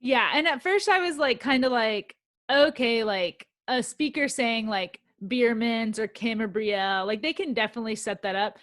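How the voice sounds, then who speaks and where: A woman's voice: on the high side, fairly bright tone, dry recording. Chatty young-sounding podcast woman, dry mic. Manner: chatty, quick, lots of "like". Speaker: podcast co-host. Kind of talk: casual chat about reality TV.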